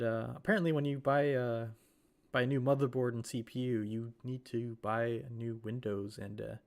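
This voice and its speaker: A man on a live stream calls a sim race while still getting over a cold. He rambles casually, corrects himself often and fills his pauses with lots of "uh" and "um". His voice sits at an ordinary middle pitch. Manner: rambling, self-correcting, with many fillers. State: recovering from a cold. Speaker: sim racing commentator.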